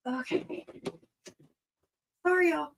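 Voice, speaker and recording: A woman's voice: very high-pitched, slow, gravelly, fairly bright tone, a little hiss or hum. Breathless chatty woman host. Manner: chatty, laughs often, trails off and restarts. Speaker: livestream host. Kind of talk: casual livestream commentary.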